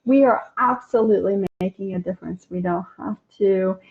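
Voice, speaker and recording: A woman's voice: mid-range voice, moderate pace, narrow, tinny audio. A woman hosting a casual inspirational live stream, chatting and answering viewer comments with many ums and restarts.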